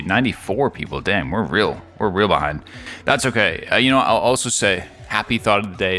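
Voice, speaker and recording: Low-voiced man rambling over a game. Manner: rambling, jokey, thinks out loud. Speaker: gaming video host. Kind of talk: casual game commentary.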